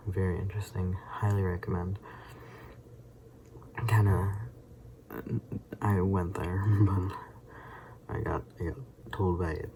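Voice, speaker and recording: Brief: low gravelly man, rambling vlog chat, noisy recording. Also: little pitch movement, slow pace, long pauses, dark tone. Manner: rambling, hesitant, laughs often. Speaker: daily vlogger. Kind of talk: casual reaction chat.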